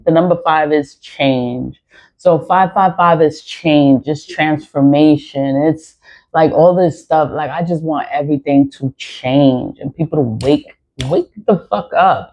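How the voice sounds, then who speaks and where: A woman's voice: deep voice, expressive, unhurried, warm tone. A woman talking casually and bluntly in a rambling vlog, repeating herself and swearing freely as she talks about her tarot reading. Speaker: YouTuber and tarot reader. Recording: dull lo-fi recording.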